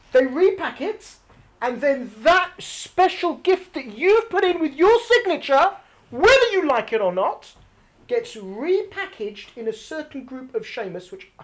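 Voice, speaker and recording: A woman with a fairly high, lively voice teaches a live religious class. She explains from a diagram, throws questions to her listeners and repeats key lines for emphasis. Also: normal speed. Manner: explains using a picture or diagram.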